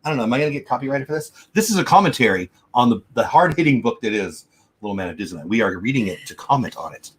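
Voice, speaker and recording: Middle-aged male host, husky, animated, jokes at his own expense. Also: medium pitch, racing. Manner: joking, self-deprecating. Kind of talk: livestream chat and book reading.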